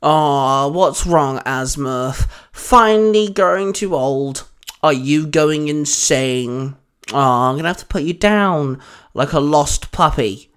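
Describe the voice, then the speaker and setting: A man's voice: a little high, big pitch swings, moderate pace, a bit bright. A man voicing a sarcastic, bitter alien boy genius with a grumbling manner. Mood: mocking.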